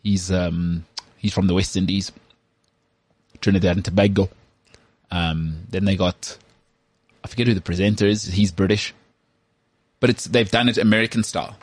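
A man from South Africa with a South African accent, co-hosting a casual podcast chat in an animated, opinionated way. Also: low voice, moderate pace, pauses often, husky, dry recording. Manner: animated, opinionated, repeats words when starting. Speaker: podcast co-host.

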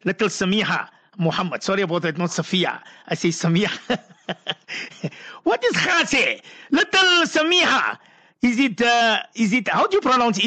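Guy on the radio, high bright voice, chatty, reading out listener messages, dry close sound. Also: breathy edge, dry recording. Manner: chatty, muses aloud and stumbles over pronunciations. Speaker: radio presenter. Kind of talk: casual on-air chat reading listener messages.

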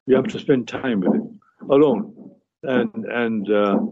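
A man's voice: mid-range voice, unhurried. Earnest male doctor on muffled radio. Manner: earnest, explanatory, many restarts and fillers. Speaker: guest family physician. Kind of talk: radio advice talk.

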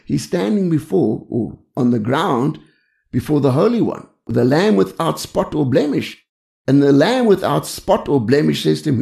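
An older male preacher tells humorous anecdotes in a conversational sermon. His voice is deep with heavy gravel and a mellow warmth. His pitch rises and falls in lively swings. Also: moderate pace. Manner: frequent "you see" asides. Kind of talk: storytelling sermon.

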